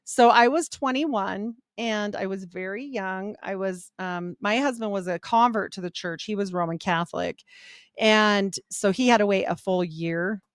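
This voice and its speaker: A middle-aged woman, a podcast guest, telling her life story in a candid, animated way. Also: medium pitch, a little slow, clean tone, dry recording, clean studio sound. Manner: animated, quotes people in voiced asides.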